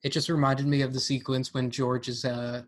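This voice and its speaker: Man, middle pitch, blunt casual movie talk, swears a lot. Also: little pitch movement, normal speed. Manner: blunt, profane, joking. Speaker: podcast co-host. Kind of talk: casual film review chat.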